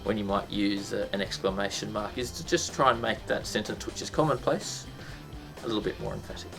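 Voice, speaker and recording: A man's voice: on the low side, fairly even intonation, a little fast, gravelly, loud music behind the voice. A man teaching a casual lesson, chatty and full of ums and restarts, breaking into sound effects.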